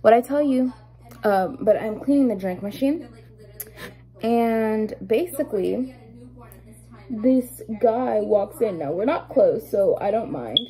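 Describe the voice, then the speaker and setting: A young adult woman talks casually to her viewers while doing her makeup at home. Her voice sits a little high but is warm and mellow. She tells her story in an animated, indignant way, full of fillers. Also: slow pace, long pauses, low-quality recording. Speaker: vlogger.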